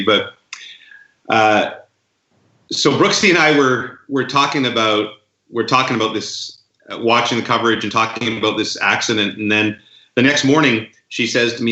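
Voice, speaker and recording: A man's voice: medium pitch, sharp tone, roomy sound, muffled recording. A man co-hosting a podcast, telling stories in a loose, rambling way with many fillers and restarts. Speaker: podcast co-host. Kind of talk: casual chat.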